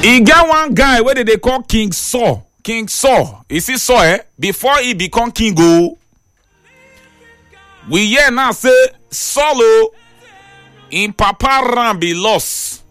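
A Nigerian-accented man retells Bible stories as a preacher, swooping through a very lively, high-set voice. His delivery is dramatic, playful and sing-song. Faint music plays behind him. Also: slow, no room sound. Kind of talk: animated Pidgin Bible storytelling.

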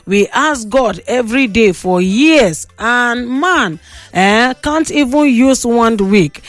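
Nigerian lady talk show host, high voice, dry close sound, loud teasing commentary. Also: slow, dry recording. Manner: animated, exclaiming and teasing. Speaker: radio call-in host reading listener comments.

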